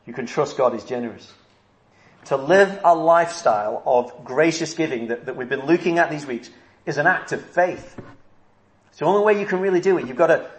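Earnest preacher in an echoey room. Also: male voice, fairly high pitch. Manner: earnest, emphatic, repeats key phrases. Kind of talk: sermon.

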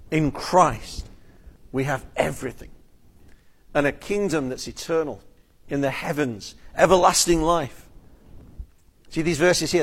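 Guy preaching a sermon, voice a bit on the high side, earnest, stretches out the big words. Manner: earnest, emphatic, with slow drawn-out stresses and repeated words. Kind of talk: expository sermon.

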